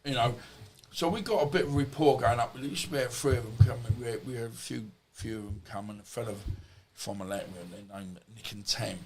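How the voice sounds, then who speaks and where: A man's voice: medium pitch, a little fast, hardly any pauses. A middle-aged man settles into a podcast chat and tells his stories in a loose, rambling way. His talk is blunt and full of everyday slang, with a mid-range voice and a faint hum of room noise behind him. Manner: rambling, anecdotal, blunt and colloquial. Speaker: podcast guest. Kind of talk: storytelling in conversation.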